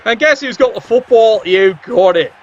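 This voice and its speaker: A man's voice: sits high, lively intonation, normal speed. A man giving cheeky match commentary on a video game, full of wry asides and casual swearing. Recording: dull lo-fi sound.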